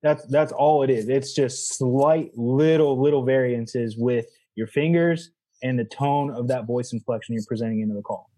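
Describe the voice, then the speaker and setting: A man who is a guest on a casual podcast, explaining his technique in a measured way. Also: medium pitch, dark tone. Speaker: guest, goose calling champion.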